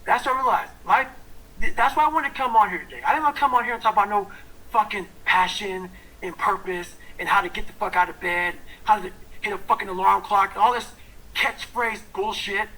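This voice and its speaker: A man giving an intense, profane motivational talk, swinging from loud, blunt bursts to hushed whispers. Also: high voice, brisk, rough recording. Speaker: motivational speaker.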